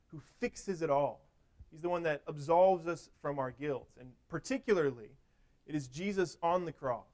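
A man giving a sermon in a conversational way, with frequent restarts and everyday illustrations. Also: on the high side. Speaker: preacher.

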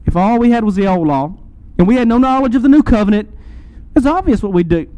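A man preaching a sermon, building to emphatic swells and easing into slow, quiet pauses. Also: sits high, animated, no echo, low-quality recording. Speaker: pastor.

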